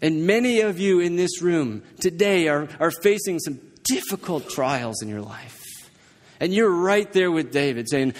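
A man's voice: fairly high pitch, unhurried, in a large hall. A male pastor preaching a sermon, telling a personal story in a conversational way and often checking in with the congregation. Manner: conversational, keeps checking in with the listeners.

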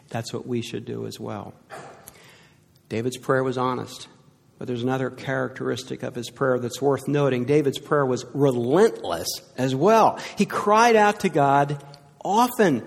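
A pastor delivering a sermon, moving between loud, emphatic lines and hushed, soft ones. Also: male voice, a little high, normal speed, gravelly. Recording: long hall reverb.

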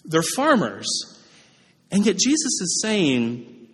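A man's voice: mid-range voice, very animated, measured pace, breathy edge. A man preaching a sermon as pastor, in a conversational way with frequent "right?" asides. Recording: reverberant hall.

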